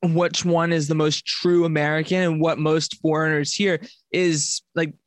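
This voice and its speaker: Young long island guy, a bit high-voiced, rambly podcast chat, lots of likes and ums. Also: flat delivery, measured pace, dry recording. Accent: Long Island, mild. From Long Island, New York. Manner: rambling, filler-heavy, self-correcting. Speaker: podcast co-host. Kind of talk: casual chat.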